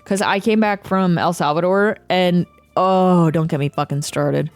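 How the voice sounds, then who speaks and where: A woman's voice: lowish voice, no echo. A young woman streamer chatting casually, ranting with profanity and reading chat aloud. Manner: animated, profane, quick ranting with laughs. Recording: faint music behind.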